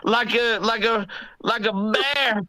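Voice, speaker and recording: High-pitched, brash, foul-mouthed man. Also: fairly even intonation, slow pace, sharp tone, dry recording. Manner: profane, brash, says mate a lot. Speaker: livestream guest. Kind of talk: crude casual banter.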